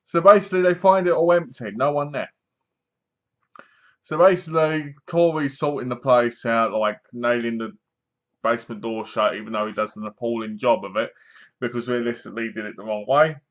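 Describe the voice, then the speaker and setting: A man's voice: mid-range voice, a little fast. A man casually reviewing a horror film, retelling it in a rambling, chatty way with asides. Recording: dull lo-fi recording.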